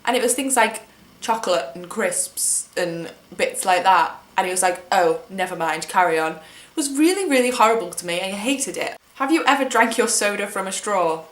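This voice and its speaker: With lively intonation, a moderate pace and a mid-range pitch, this English woman in her twenties answers questions for a casual tag video at home. She's chatty and self-mocking, and the sound is roomy.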